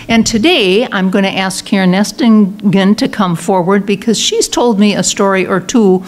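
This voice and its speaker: A woman's voice: medium pitch, normal speed, hardly any pauses. Woman minister, Sunday talk, chatty storyteller, faint room hum. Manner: conversational storytelling with fillers and restarts. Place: church sanctuary.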